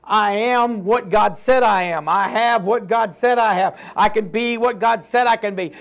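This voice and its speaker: A man preaching a sermon as pastor, emphatic, swinging between loud declarations and hushed lines and calling on the congregation to repeat after him. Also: high voice, moderate pace, hardly any pauses.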